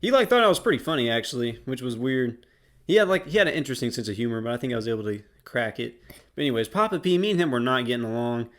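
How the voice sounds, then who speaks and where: A man's voice: medium pitch, very animated, quick pace, a bit bright. Laid-back young man telling a story. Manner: slangy, rambling, laid-back. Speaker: YouTube storyteller. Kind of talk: casual storytime narration.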